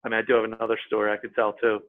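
A man, a podcast guest, telling a story in a casual, animated way and acting out what people said. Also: lowish voice, rapid-fire. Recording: tinny phone-like line.

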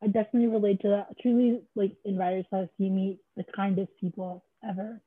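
A woman's voice: medium pitch, flat delivery, fairly quick, slightly rough, no room sound. A woman hosting a casual interview who praises her guest enthusiastically and gushes freely. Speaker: podcast host. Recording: tinny phone-like line, dry.

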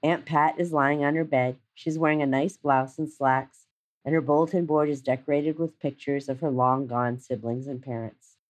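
A woman in her fifties reads her own personal essay, her voice set unusually low for a woman. She is measured and reflective, with a gently wry turn, unhurried from line to line. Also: steady tone. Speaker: narrator.

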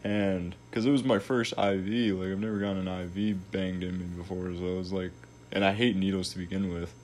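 A man's voice: sits low, little pitch movement, fairly quick, a little mellow, slight background noise. A young man telling a long story in a casual, laid-back way, full of slang and swearing.

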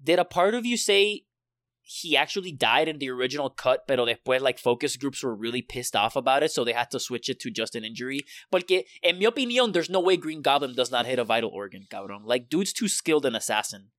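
A man's voice: medium pitch, expressive, fast, a bit bright, no echo. A man hosting a casual chat, rambling with many restarts and swearing freely.

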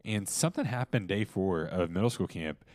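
A man's voice: low-pitched, lively intonation, normal speed, a little mellow, no room sound, clean studio sound. A young man hosting a casual podcast chat, rambling through fillers and restarts. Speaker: podcast host.

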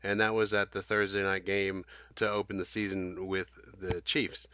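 A man's voice: low voice, little pitch movement, normal speed, bright, forceful tone, smooth, no room sound. A man co-hosting a casual podcast discussion, thoughtful and hedging, with frequent fillers. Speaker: podcast co-host. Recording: dull lo-fi dry podcast audio.

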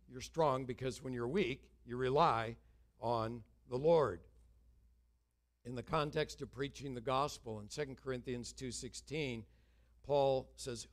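An older man preaching a sermon in an earnest, conversational way. He mixes scripture with light humorous asides and speaks at an ordinary middle pitch. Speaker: pastor.

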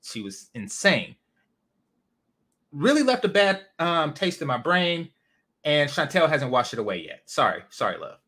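A man's voice: on the high side, very animated, unhurried, bright, forceful tone, breathy edge. A man from California hosting a casual livestream, ranting bluntly with lots of profanity and rambling asides. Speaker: host.

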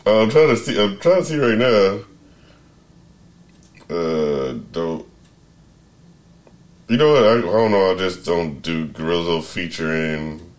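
Deep-voiced man rambling in casual podcast chat. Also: animated, unhurried, pauses often. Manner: rambling, self-interrupting, restarts sentences. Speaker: podcast host.

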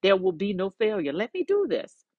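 Bold innocent young shepherd man, put on by a woman, pleading, higher pitch, dry sound. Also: huge pitch swings, normal speed, dry recording, muffled recording. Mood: earnest.

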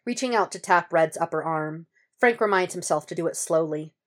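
A woman reading a piece of fan fiction aloud as an audiobook, at a steady, measured pace. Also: on the low side. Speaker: podfic reader.

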